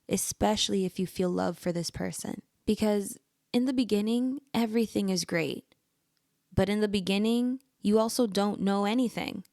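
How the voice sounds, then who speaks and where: A woman's voice: mid-range voice, vocal fry, a little mellow, no room sound, clean studio sound. A young woman hosting a podcast, earnestly giving relationship advice straight to the listener in an encouraging way. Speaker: podcast host. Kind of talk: personal advice monologue.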